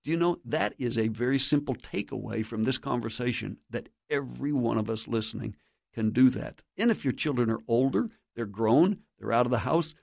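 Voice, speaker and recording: Earnest gravelly-voiced male preacher. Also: mid-range voice, lively intonation, brisk, a little mellow, dry recording, studio quality. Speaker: guest speaker on Christian radio. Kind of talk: sermon-like teaching.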